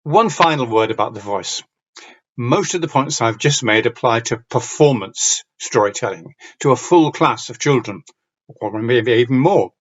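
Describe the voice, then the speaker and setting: A man from Yorkshire with a Yorkshire accent, giving a conference talk on reading aloud with clear diction and a slight storytelling lilt. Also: medium pitch, expressive, normal speed, dull audio. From Yorkshire, northern England. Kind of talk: lecture with read-aloud examples.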